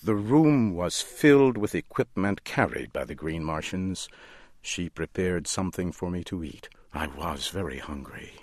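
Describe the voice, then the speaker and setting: A man reading a story aloud in a slow, measured and deliberate way, as the narrator. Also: sits low, no room sound, studio quality.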